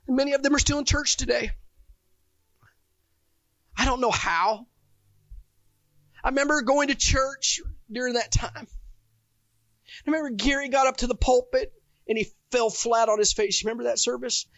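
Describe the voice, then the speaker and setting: A man's voice: very high voice, normal speed, vocal fry, pauses often, fairly bright tone, no echo. A man preaching a sermon, telling his own stories with fervent emotion. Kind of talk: testimonial sermon. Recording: dull, dry lo-fi recording.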